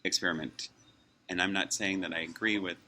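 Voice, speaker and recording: A man in his forties musing casually at a fast-food restaurant, rambling and chuckling often as he acts out what people say. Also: sits low, fairly even intonation, sharp tone. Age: 40s. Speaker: vlogger.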